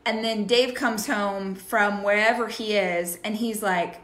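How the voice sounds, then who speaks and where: A woman co-hosting a casual chat, telling a story in a chatty, lively way. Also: mid-range voice, a little slow, few pauses. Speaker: podcast co-host. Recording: echoey room.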